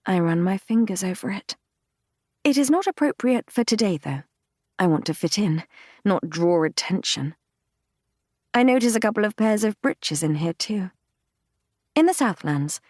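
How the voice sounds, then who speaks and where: A woman narrating a fantasy romance audiobook in the first person, reading in a measured, intimate, unhurried way. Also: lowish voice, a little mellow, no room sound, studio quality. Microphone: close studio mic, dry.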